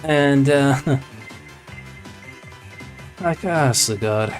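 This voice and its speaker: A man streaming live and chatting with viewers as he tells a long, meandering story. His voice sits at an ordinary middle pitch, and he keeps stopping to restart his sentences. Faint music plays behind him. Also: very slow. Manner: rambling, with many fillers and restarts. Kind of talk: casual storytelling to stream chat.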